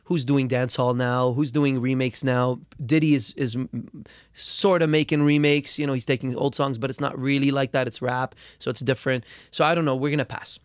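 A young man talking as a musician guest in a casual interview, telling his story with lots of swearing and repeated words, and getting loud when angry. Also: medium pitch, fairly even intonation, moderate pace, clean tone, no echo.

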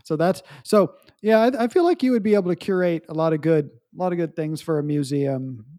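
A man's voice: a little high, a little fast, mellow. A man co-hosting a podcast in casual chat, making wry remarks and often restarting his sentences. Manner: wry and agreeable, many restarts. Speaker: podcast co-host.

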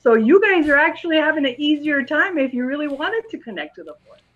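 A woman guest, a school psychologist, giving calm interview answers and patiently explaining in simple terms to a young interviewer. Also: sits high, a little fast, highs cut off.

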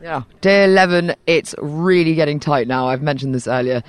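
A woman's voice: deep voice, moderate pace, clear, resonant tone, no echo. A woman with a posh English accent hosting a podcast, teasing her guest in casual chat outdoors at a tennis venue. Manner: playful, teasing, animated. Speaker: podcast host. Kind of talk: casual chat interview on site.

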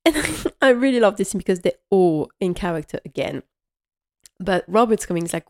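A woman's voice: mid-range voice, lively intonation, moderate pace. A woman host chatting casually and enthusiastically through a TV episode recap, rambling with many fillers. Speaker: podcast host.

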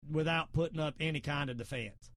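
Fervent Southern host, middle-aged, high-pitched, preaches in repeated emphatic lines. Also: male voice, fairly quick, a bit bright. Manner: repetitive, emphatic, quotes scripture. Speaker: podcast host. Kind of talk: fervent preachy political talk.

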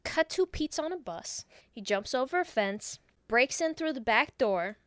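A woman co-hosting a podcast, recapping a film in casual, animated and profane storytelling. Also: high-pitched, a little slow, clean tone, dry recording. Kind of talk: casual chat.

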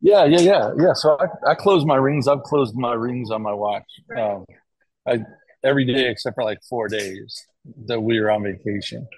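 A man's voice: medium pitch, moderate pace, dry recording, low-quality recording. A middle-aged American man speaking as an interview guest, talking casually and rambling, with frequent restarts and tag questions. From United States. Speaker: guest, cardiac arrest survivor.

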